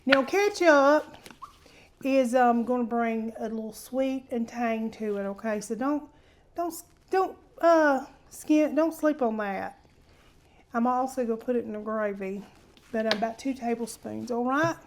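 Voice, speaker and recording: A woman's voice: fairly high pitch, a little slow, darkish tone. A woman hosting a casual cooking demonstration in her home kitchen, chatty and homey, calling viewers honey. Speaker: cooking show host.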